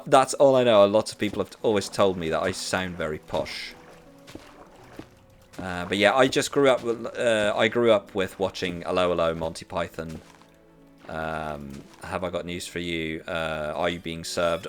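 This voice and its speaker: A Norwegian man who learned British English chats casually while gaming on stream, hesitant, with many fillers and restarts. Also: deep voice. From Norway. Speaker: streamer, teacher.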